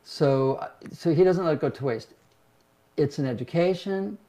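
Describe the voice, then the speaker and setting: A man's voice: on the high side, moderate pace, mellow. An older man, a pastor and host, telling personal stories in a reflective, self-deprecating way. He livens up his voice when quoting others. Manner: reflective, self-deprecating, acts out quotes in livelier tones. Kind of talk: casual conversational storytelling.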